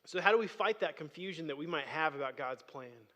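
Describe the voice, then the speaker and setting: A man's voice: a little high, expressive, a little fast, bright, forceful tone. A man preaching a sermon as pastor, speaking conversationally and rising to emphatic bursts. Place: church sanctuary. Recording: long hall reverb.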